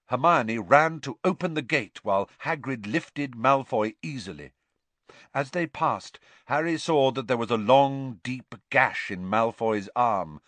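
A man giving expressive, scripted storybook narration at a close mic. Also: mid-range voice, a little slow, no echo. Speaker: audiobook narrator.

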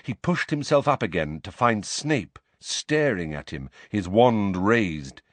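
Male narrator, lively pitch, dry close-mic read. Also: slow, no echo. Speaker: audiobook narrator. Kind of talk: scripted narration.

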